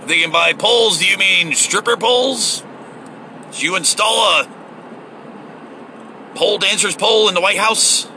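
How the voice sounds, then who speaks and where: Guy venting in his car, swears a lot, sarcastic, sharp bright voice. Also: high voice, a little slow, gravelly, long pauses, a little hiss or hum, low-quality recording. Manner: profane, sarcastic, heated ranting. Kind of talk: ranting political monologue.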